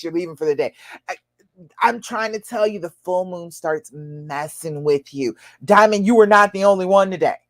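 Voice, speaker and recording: A woman hosting a live stream as a love coach, chatting casually, reading viewers' comments and laughing often. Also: no echo. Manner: chatty, laughs often, swings pitch up when quoting viewers.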